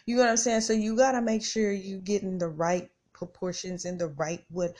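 A woman's voice: mid-range voice, normal speed, a little mellow, husky. A middle-aged woman hosting a podcast, telling a casual story straight to her listeners and acting out her own reactions as she goes. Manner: chatty, addresses listeners directly, acts out her own reactions. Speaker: podcast host.

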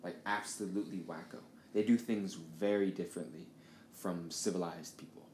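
Low and a little mellow, this man's voice keeps a fairly steady intonation at a normal speed. He's a podcast host chatting casually, drifting through a story and cursing a lot. Faint noise and room echo are audible.

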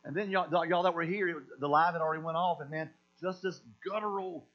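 High-voiced preacher with emphatic delivery. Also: male voice, fairly even intonation, quick pace. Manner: preachy, emphatic, repeats words and phrases. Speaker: pastor. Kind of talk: sermon. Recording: dull lo-fi sound with mains hum.

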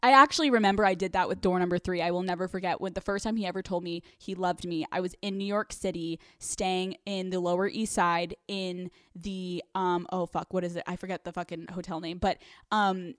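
A woman's voice: fairly low pitch, steady tone, normal speed, dry recording, clean studio sound. A young woman hosting a podcast in a casual confessional monologue, speaking candidly, swearing freely and laughing often mid-sentence. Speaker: podcast host.

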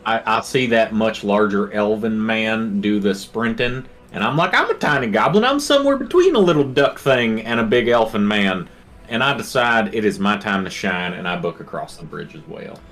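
A man's voice: on the low side, lively intonation, moderate pace, a bit bright. A man voicing a tiny, eager, reckless goblin in a tabletop game.

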